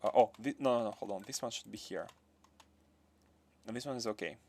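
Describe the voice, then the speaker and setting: A man's voice: fairly low pitch, fairly quick. A man from Russia, with a Russian accent touched by French, muttering to himself as he builds in a game and answering chat on a livestream. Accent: Russian with some French. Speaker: game streamer. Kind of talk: casual livestream commentary while building.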